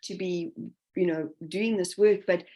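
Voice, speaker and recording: A woman's voice: lowish voice, steady tone, a little slow, mellow. A woman guest talking in a reflective, casual way, full of fillers and quoted self-talk. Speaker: guest spirit medium. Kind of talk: casual interview conversation.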